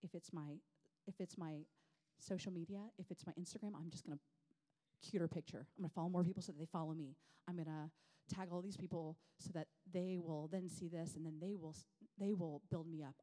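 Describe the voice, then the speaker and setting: A woman, telling personal stories in an animated, self-deprecating way to a women's gathering. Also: fairly low pitch, a little fast. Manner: animated, self-deprecating, chatty with many fillers. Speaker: women's ministry speaker. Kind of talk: personal storytelling talk.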